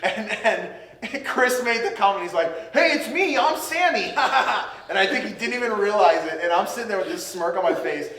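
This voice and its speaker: A man's voice: high voice, a little fast, a bit bright, echoey room, recorded from a distance, rough recording. A man hosting a casual podcast, animatedly recapping a movie and acting out the characters in silly voices. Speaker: podcast host.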